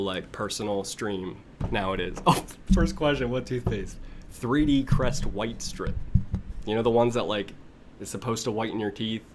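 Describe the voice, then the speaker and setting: Young male streamer, casual chat, animated delivery with faint room noise; mid-pitched. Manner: animated storyteller, imitates kids in a high voice, laughs often. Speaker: livestream host.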